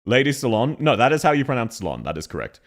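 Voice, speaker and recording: A man with an Australian accent giving casual, animated tier-list commentary as a streamer, laughing often and swearing. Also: medium pitch, fast.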